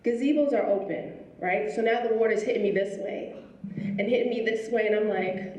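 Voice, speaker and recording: A woman's voice: mid-range voice, brisk, distant mic, slight background noise. Storytelling woman speaker in an echoey hall. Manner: lively storytelling, acts out quoted people. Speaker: school principal giving a speech. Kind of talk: motivational speech. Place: school auditorium.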